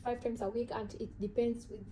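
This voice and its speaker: A woman with an African accent talks straight to her viewers in a relaxed vlog. Her voice sits a little high and sounds mellow and soft. She speaks earnestly and thinks aloud, often restarting and repeating words. A faint hum stays in the background. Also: a little fast, poor audio. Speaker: vlogger. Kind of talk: casual talk to camera about self-growth.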